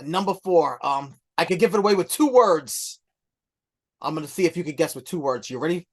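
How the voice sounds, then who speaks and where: A middle-aged man co-hosting a podcast, speaking casually with many pauses and restarts. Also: fairly high pitch. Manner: hesitant, many ums and restarts. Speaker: podcast co-host. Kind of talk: casual chat.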